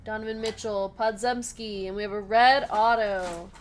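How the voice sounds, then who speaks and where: A woman's voice: medium pitch, steady tone, normal speed, faint music behind. A woman hosting a live trading card break, chatty and giggly, calling out the cards she pulls and reading comments from the chat. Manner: giggly, laughs often between card calls.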